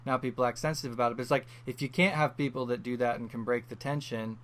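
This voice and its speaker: A man's voice: medium pitch, steady tone, a bit bright. A man hosting a podcast in casual chat, agreeable and chiming in often. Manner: agreeable, quick, backchannels a lot. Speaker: podcast host.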